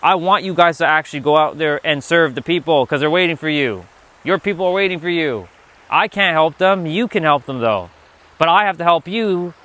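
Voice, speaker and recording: A man's voice: a little high, lively intonation, fairly quick, bright, forceful tone. A man giving a motivational livestream talk, emphatic and profane, often repeating himself. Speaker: livestream speaker.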